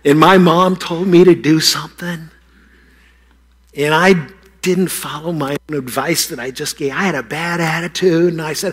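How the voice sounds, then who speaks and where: Husky man giving a playful kids' sermon. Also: fairly high pitch, fairly even intonation, normal speed, a bit bright. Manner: playful, teasing, talks straight to the kids. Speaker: pastor giving a children's message.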